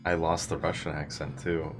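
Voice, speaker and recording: A man talking as a player in a tabletop role-play game, halting and joking, breaking character to comment. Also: a bass voice, level tone, music in the background.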